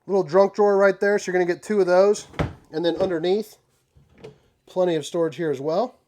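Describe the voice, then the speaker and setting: A man hosting a casual walkthrough tour inside an RV, talking in a folksy, joking way with relaxed slang. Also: high voice, brisk, slight background noise. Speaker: RV tour host.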